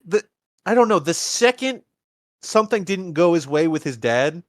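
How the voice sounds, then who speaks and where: A man with a slightly high voice hosts a podcast and retells a movie, his recording close and dry. He slips into the characters' lines as he goes and stumbles over quick restarts. The tone stays loose and chatty. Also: lively intonation, no room sound. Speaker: podcast host. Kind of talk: casual movie rewatch chat.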